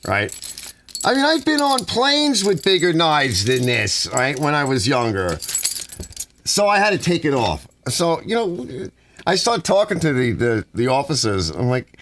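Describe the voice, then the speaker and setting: Animated middle-aged man telling rambling stories. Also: medium pitch, normal speed, a little hiss or hum. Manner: meandering, acts out dialogue, frequent restarts. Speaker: channel host. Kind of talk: rambling personal storytelling.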